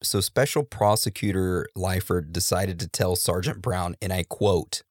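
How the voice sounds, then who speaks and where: A man's voice: low-pitched, unhurried, hardly any pauses, no echo, clean studio sound. A man co-hosting a casual true-crime podcast, laid-back with joking asides. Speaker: podcast co-host.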